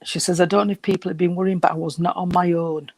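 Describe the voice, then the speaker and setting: Breathless man giving a gentle reading. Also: high voice, little pitch movement, quick pace, creaky, dry recording. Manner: gentle, reassuring, calls people sweetheart. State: short of breath. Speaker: spiritualist medium.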